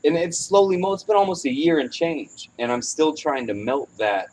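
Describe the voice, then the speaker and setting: A man's voice: a little high, big pitch swings, normal speed, a little mellow, a little hiss or hum, low-quality recording. A man hosting a casual podcast chat, candid and rambling, swearing freely as he talks. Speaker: podcast host. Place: outdoors on a porch at evening.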